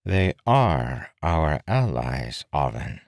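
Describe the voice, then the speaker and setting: A proud, suspicious nobleman who snaps and growls his curt answers, as a man puts him on. The voice stays deep and deliberate. It has the dry, close sound of a storybook reading. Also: big pitch swings, gravelly, no room sound, heavily acted. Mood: guarded. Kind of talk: audiobook character voice.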